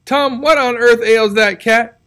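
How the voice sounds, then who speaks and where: A man's voice: extremely high pitch, unhurried, fairly bright tone, voice pushed up. A man voicing a stern old aunt who scolds her nephew, in a storybook reading. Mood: scolding. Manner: exclaiming, reproachful questions.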